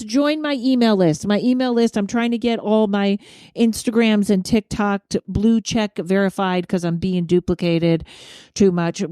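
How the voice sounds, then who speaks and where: A chatty woman hosts a podcast and jokes at her own expense. Her voice is mellow and warm. The recording is dry and close. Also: mid-range voice, clean tone, dry recording. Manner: chatty, self-mocking, laughs often. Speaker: podcast host. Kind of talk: casual chat.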